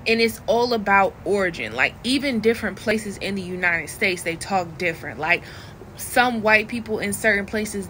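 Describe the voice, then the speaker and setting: A woman's voice: medium pitch, bright, forceful tone, slight background noise. A woman giving a casual, frank voice lesson to camera as a coach, chatty and laughing at her own jokes. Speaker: voice coach for phone work.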